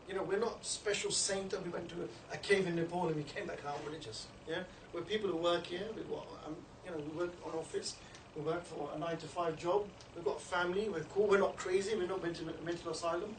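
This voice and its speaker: Give me a quick, chatty man training a group, on a low-quality recording from a distant mic with noise behind him. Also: reverberant. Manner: chatty, with frequent "you know" and "yeah?" checks. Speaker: street outreach trainer. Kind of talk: informal training talk to a group. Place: indoor meeting room.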